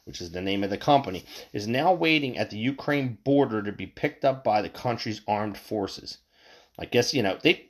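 A man's voice: lowish voice, fairly bright tone. Profane, heated male podcast host. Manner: profane, heated, stammers and repeats words. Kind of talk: casual opinion rant.

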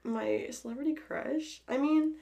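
A woman's voice: high-pitched, unhurried, vocal fry, dark tone. A woman co-hosting a podcast, chatting casually, rambling a little and giggling often. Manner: giggly, rambling, self-correcting. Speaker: podcast co-host. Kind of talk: casual chat.

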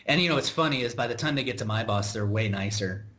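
Crowd noise surrounds this American man as he hosts a podcast, casually recounting a work story with exasperation, rambling through restarts and asides. He speaks quickly and animatedly in a fairly low voice.

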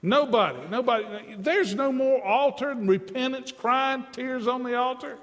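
A man's voice: extremely high pitch, normal speed, a bit bright, big-room sound. A man preaching a sermon with passion, his delivery rising and dropping, repeating phrases for emphasis.

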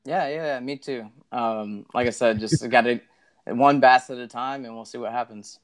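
A man's voice: mid-range voice, moderate pace. A young man as a guest on a casual podcast, modest and full of fillers like you know and um. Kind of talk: casual interview talk.

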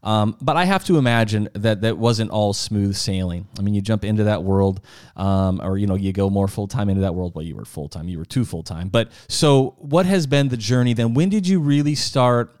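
A man's voice: on the low side, normal speed, darkish tone, no room sound, studio quality. A man hosting an interview, listening attentively and asking follow-up questions. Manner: attentive, frequent short agreements. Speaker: interview host. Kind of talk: podcast interview.

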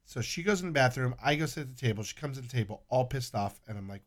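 A middle-aged man telling stories in a casual chat, cursing freely and animated. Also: mid-range voice, moderate pace. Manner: profane, animated storyteller.

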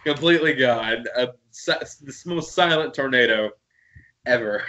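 A man's voice: medium pitch, normal speed, pushed and bright, highs cut off. A man co-hosting a podcast, chatting casually through an episode recap, laughing often and acting out quoted lines. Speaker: podcast co-host.

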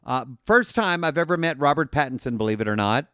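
A man's voice: medium pitch, animated, quick pace, a bit bright, smooth, no room sound, clean studio sound. Chatty, rambling male podcast host. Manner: enthusiastic, rambling, repeats words. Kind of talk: casual podcast chat.

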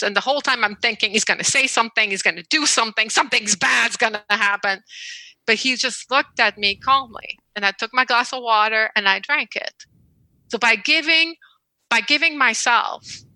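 Bright, earnest woman telling her story. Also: a little high, no room sound, rough recording. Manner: earnest, measured, slowing on key words. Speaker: podcast guest. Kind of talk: personal storytelling in an interview.

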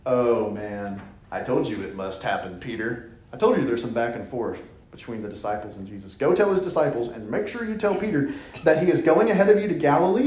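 A man preaching a sermon in a church, playful and animated, dropping suddenly to a hush. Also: on the high side. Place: church sanctuary. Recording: echoey church hall.

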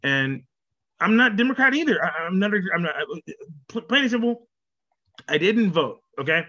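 A man talking casually to his viewers in an animated way, laughing often and repeating words as he goes. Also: sits high, moderate pace, muffled recording. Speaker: vlogger. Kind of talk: casual talk to camera.

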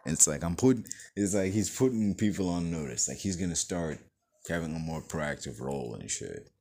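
A man hosting a casual movie review, excitable and profane, with lots of "like" and "you know". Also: deep voice, a little fast.

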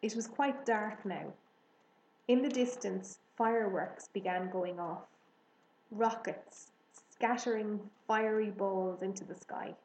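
A woman narrating a children's storybook in a measured, gentle manner. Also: mid-range voice. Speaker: audiobook reader. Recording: roomy echo, faint hiss.

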